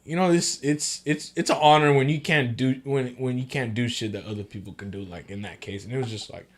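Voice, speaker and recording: A man's voice: mid-range voice, brisk. A man guest on a podcast telling travel stories in casual slangy talk, swearing freely and acting out what people said. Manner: slangy and profane, acts out quotes in animated voices. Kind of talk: casual storytelling chat.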